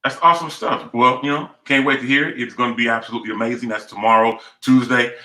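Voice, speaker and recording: A man's voice: mid-range voice, steady tone, fast talker, sharp tone, roomy sound, low-quality recording. A man hosting a live online talk show, speaking in an emphatic, rhythmic, preacher-like way. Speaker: host.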